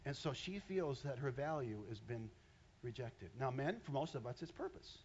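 An animated male preacher with a husky voice that rises and falls widely as he addresses the congregation. The sermon is captured with a dull, lo-fi sound. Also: medium pitch, moderate pace. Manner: animated, talks straight to the congregation. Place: church.

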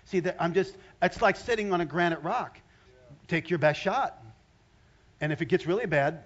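A man's voice: high voice, moderate pace, lo-fi sound. An older man preaching a sermon in a conversational way, often rising into emphatic bursts. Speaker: pastor.

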